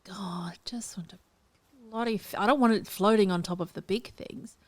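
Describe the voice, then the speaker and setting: A woman's voice: mid-range voice, moderate pace. A woman talking through a game build, drifting between murmured comments and whispers to herself. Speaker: game build tutorial host. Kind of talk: casual gameplay commentary.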